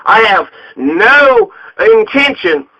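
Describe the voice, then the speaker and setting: A man from Colorado launches into a heated political rant, swearing freely as he talks. His voice sits high for a man, and the recording sounds dull and lo-fi. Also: big pitch swings, slow, bright, forceful tone. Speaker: local political candidate.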